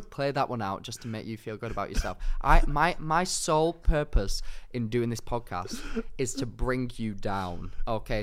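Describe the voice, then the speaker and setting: A man co-hosting a casual podcast, teasing his partner in a mock-offended, theatrical way. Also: medium pitch. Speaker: podcast co-host.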